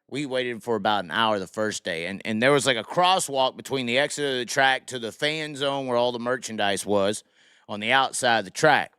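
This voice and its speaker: A podcast host runs a casual live stream, telling a rowdy story full of cursing and acting out the people in it with different voices. He's animated and profane. His mid-range voice sounds clean, dry and studio quality.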